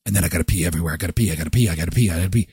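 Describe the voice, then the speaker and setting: A man voicing his pet dog, who begs in a low, grumbling voice to be taken for a walk. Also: rapid-fire, creaky, darkish tone, breathy edge, no echo, clean studio sound, exaggerated voice. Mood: urgent.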